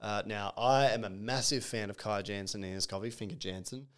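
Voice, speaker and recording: A man's voice: fairly low pitch, fairly even intonation, brisk, smooth. A man hosting a casual podcast interview, upbeat and playful. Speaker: podcast host.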